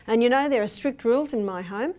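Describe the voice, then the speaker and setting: Talking fast in a somewhat high but darkish voice, an older woman shares personal stories during a health seminar held in a hotel meeting room. She plays out the quoted speech of the people in her anecdotes.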